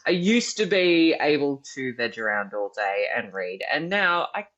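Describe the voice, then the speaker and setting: Slow, easygoing podcast co-host. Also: mid-range voice. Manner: relaxed, explanatory, laughs along. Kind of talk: casual chat. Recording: dull lo-fi audio.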